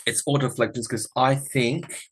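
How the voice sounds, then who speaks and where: A man's voice: mid-range voice, fairly even intonation, normal speed, slight background noise. Aussie guy rambling on camera about politics, chatty and blunt. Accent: Australian. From Australia. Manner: rambling, chatty, digressive, frank. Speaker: tarot and political commentary vlogger. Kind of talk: casual political chat to camera.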